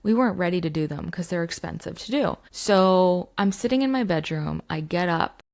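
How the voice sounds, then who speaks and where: Gravelly-voiced woman chatting to camera. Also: fairly low pitch, lively intonation, moderate pace, darkish tone. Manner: chatty, frequent fillers. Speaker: mindset coach. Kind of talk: casual storytelling to camera. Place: home basement.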